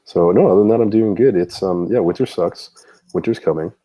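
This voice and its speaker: A man with a heavy cold, co-hosting a casual live-stream chat with deadpan, teasing banter. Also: deep voice, a little fast, husky. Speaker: co-host.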